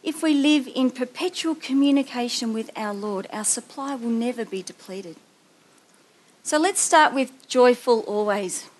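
A woman delivers a sermon from the front of a church gathering. Her voice sits high and she tells stories with lively expression, slipping into other voices, then settles into scripture reading. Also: unhurried, a little hiss or hum. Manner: animated storytelling, acting out a child's voice. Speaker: preacher.

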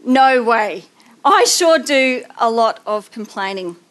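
A woman preaching a sermon, telling a family story with animated voices before reading scripture. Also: a little high, slow. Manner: animated storytelling, acting out a child's voice.

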